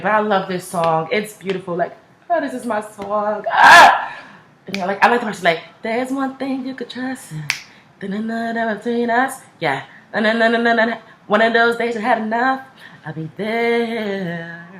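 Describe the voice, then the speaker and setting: A young woman chatting casually in a music reaction video, gushing and filling every sentence with "like" and slang. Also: mid-range voice. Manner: gushing, heavy use of "like" and slang. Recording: echoey room.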